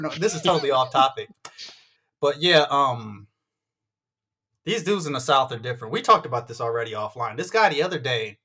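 Bright-voiced rambling man chatting sports. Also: medium pitch, big pitch swings, brisk, slightly rough. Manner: rambling, tangent-prone, acts out quotes. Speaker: podcast co-host. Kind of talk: casual sports chat.

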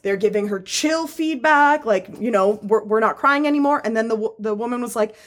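A woman's voice: fairly high pitch, a little fast. Woman gushing in casual chat. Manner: emotional, swears often, many fillers.

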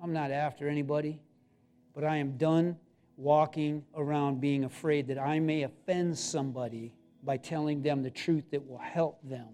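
A man with a notably high voice delivers a sermon from the front of a church. He preaches with emphatic, pleading urgency, pressing his listeners to act. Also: fairly even intonation, normal speed, warm tone. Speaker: pastor. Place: church sanctuary.

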